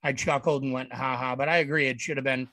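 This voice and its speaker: A man's voice: medium pitch, fairly even intonation, fast talker, pushed and bright, no room sound. A man on a casual review panel, laid-back and shrugging, swearing offhandedly.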